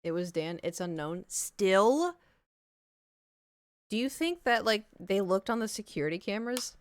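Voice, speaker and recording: A young woman streamer telling a story to her live chat in a rambling, chatty way, full of "like" and quick laughs. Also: medium pitch, animated, no echo. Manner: chatty, rambling, heavy use of "like", laughs easily.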